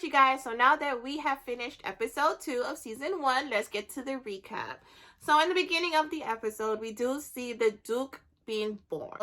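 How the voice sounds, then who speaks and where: Chatty woman recapping a TV episode. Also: fairly high pitch. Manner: chatty, animated storytelling with acted-out quotes. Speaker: YouTube recap host. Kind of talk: casual TV recap.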